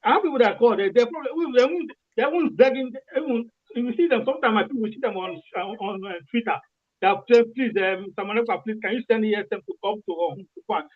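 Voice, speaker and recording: High-voiced, fast-talking Nigerian man. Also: dry recording, narrow, tinny audio. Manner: impassioned, repeats himself, restarts phrases. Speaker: caller. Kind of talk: call-in radio discussion.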